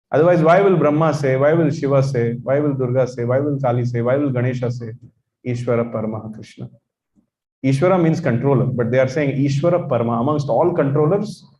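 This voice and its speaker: A man's voice: mid-range voice, mellow. A man with an Indian English accent, teaching a religious course and preaching emphatically. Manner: emphatic, repeats phrases, chants in sanskrit. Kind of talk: religious lecture. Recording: echoey, dull lecture recording.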